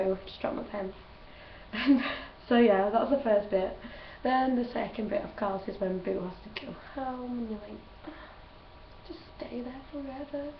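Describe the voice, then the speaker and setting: A young woman at medium pitch answers questions on her vlog in a chatty, gushing way, laughing frequently. It's a casual chat recorded at home, and the sound is roomy, distant and dull with a little hiss or hum.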